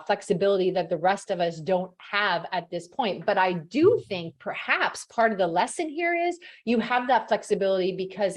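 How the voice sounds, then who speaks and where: Woman, podcast host, chatty, self-mocking, laughing, casual interview. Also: medium pitch.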